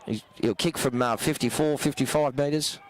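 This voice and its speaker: An Australian man calling a live local football match as play-by-play commentator, voice going hoarse, rising to excited shouts on goals. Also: mid-range voice, normal speed, a little hiss or hum, poor audio.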